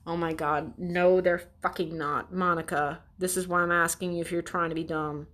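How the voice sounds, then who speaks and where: A woman's voice: fairly low pitch, level tone, normal speed, a bit bright. Sarcastic, swearing woman ranting. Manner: sarcastic, exasperated, swears a lot. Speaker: commentator reacting to an article. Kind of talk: ranting commentary.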